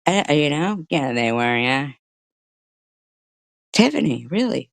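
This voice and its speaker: Middle-aged woman ranting on a live stream, gravelly voice, dry close sound, lots of swearing and sarcasm. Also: deep voice, lively intonation, takes it slowly, pauses often, no echo. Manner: profane, sarcastic and mocking; chatty storytelling. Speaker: live-stream commentary host.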